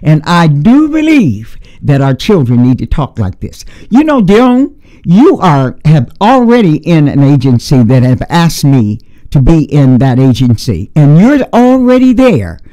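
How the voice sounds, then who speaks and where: A man's voice: on the high side, huge pitch swings, measured pace, dark tone. A man hosting a talk radio conversation, speaking in an emphatic, preachy way and asking rhetorical questions. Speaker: radio show host.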